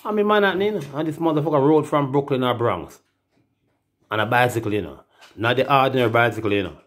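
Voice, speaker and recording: A man's voice: medium pitch, a little fast, a bit bright. A Jamaican man in a rambling, profane casual monologue, breaking into laughing asides. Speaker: musician.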